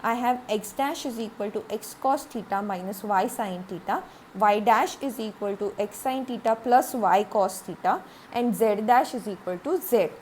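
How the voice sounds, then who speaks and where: A woman's voice: mid-range voice, normal speed, a little mellow, slight background noise. A woman giving a recorded classroom lecture, explaining step by step, repeating points, with frequent "okay" and "uh".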